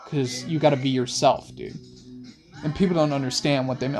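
A young man hosting a rambling late-night monologue in laid-back slang, with soft music playing behind him. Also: mid-range voice, fairly even intonation, fairly quick. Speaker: host. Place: in a car.

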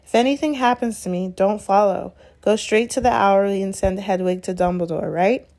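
A woman's voice: mid-range voice, a little fast, mellow, close to an everyday voice. A woman voicing an earnest young boy wizard hero as she reads a storybook aloud.

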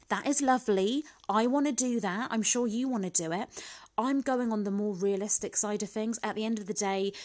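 Chatty woman podcast host. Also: mid-range voice. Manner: chatty, laughs often, repeats "guess what". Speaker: podcast host, business coach. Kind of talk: casual motivational podcast talk. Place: living room at home.

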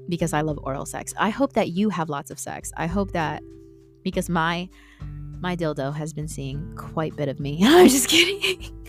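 Young woman, podcast host, low-ish voice, profane rant, animated, faint guitar music behind. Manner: candid and heavily profane, ranting; animated, shifts into mocking outbursts.

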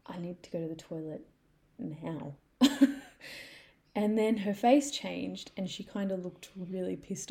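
A woman's voice: fairly low pitch, warm tone. A young woman telling a candid personal story in a frank, conversational way, with fillers and self-deprecating laughs.

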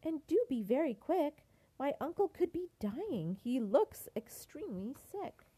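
An earnest young storybook princess who insists on being a doctor, her pitch raised and lively, as a grandmother puts her on. She speaks in an unhurried, storytelling rhythm.

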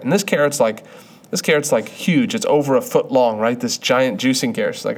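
A man's voice: mid-range voice, fairly even intonation, quick pace. A young man giving an earnest, conversational sermon, often restarting his sentences. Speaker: preacher.

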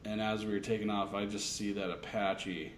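A man's voice: fairly low pitch, level tone, normal speed, background noise. A man and military aviation veteran chatting casually about a close call, laughing often as he talks. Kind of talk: casual conversation.

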